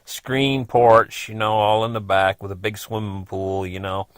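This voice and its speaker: A man's voice: fairly low pitch, little pitch movement, measured pace, clean tone, no room sound. A middle-aged man casually telling a personal story, rambling along with lots of "you know" and frequent chuckles.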